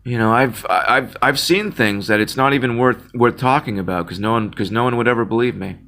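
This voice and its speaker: A man's voice: medium pitch, fairly quick, sharp tone. A man in an impassioned casual monologue, earnest and near tears, often repeating words and restarting. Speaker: Christian video blogger.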